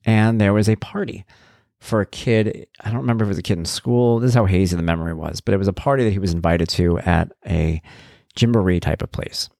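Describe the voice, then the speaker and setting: A man's voice: sits low, brisk, creaky, darkish tone, no echo, clean studio sound. A man, a parent blogger, talking in a rambling, conversational way with wry, blunt humor. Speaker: parent blogger talking about his son. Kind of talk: casual spoken monologue.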